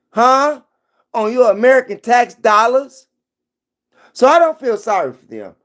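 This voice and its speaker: Talking into his phone, a middle-aged vlogger delivers an emphatic, preachy commentary, hammering his points home through repetition. His voice is high.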